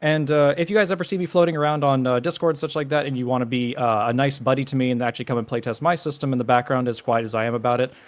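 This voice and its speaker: A man guesting on a casual live stream, talking in a relaxed, chatty way with lots of fillers. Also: medium pitch, very fast, hardly any pauses, dry recording.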